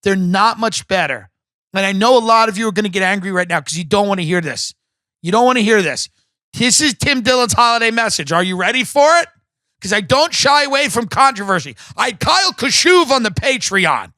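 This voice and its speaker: Podcast host guy ranting, swears a lot, highish sharp voice, dry close sound. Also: brisk, no room sound. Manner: profane, emphatic ranting. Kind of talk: comedic podcast rant.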